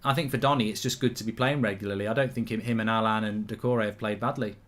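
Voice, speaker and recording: Excitable man hosting a football watchalong. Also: on the low side, quick pace. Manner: excitable, blunt, swears freely. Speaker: host of a live football watchalong. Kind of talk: casual live match commentary and chat reading.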